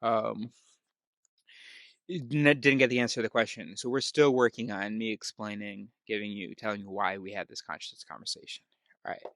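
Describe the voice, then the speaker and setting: A man's voice: lowish voice, fairly even intonation, normal speed, a bit bright, no echo. Rambling, self-interrupting man, dry close sound. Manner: meandering, self-interrupting, laughs at himself. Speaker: video host. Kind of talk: rambling solo video talk.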